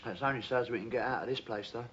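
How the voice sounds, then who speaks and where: An actor playing a cheeky but decent young bricklayer who teases and calls people "love", in a TV drama. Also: male voice, medium pitch, rapid-fire, fairly bright tone, lightly acted. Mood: banter. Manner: teasing, chatty, uses "love" a lot. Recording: muffled old TV soundtrack with faint hiss.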